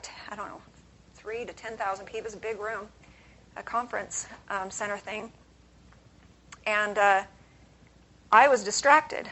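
A woman's voice: mid-range voice, a bit bright, poor audio. A woman speaking as an author at a conference, giving a conversational motivational talk and posing questions to the audience.

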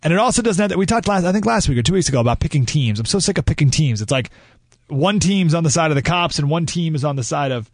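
Male talk-radio host, fairly high voice, opinionated and emphatic, lots of restarts, studio mic. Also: expressive, quick pace, no room sound. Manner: ranting, emphatic, with restarts and asides. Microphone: studio microphone.

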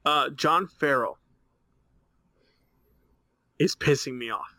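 A man's voice: medium pitch, takes it slowly, sharp tone, dry recording. A young man co-hosting a casual sports podcast over a webcam, ranting with heavy swearing. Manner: profane, heated, ranting. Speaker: podcast co-host.

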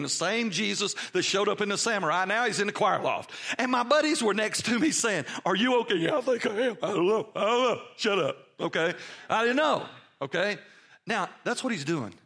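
A man preaching a sermon, telling stories with feeling and swinging from hushed to loud. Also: high voice. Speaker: pastor.

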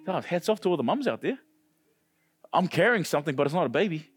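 A male pastor preaching a sermon with passion, often climbing to loud, high peaks. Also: big pitch swings, fast, slightly rough. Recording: dry close sound with faint music.

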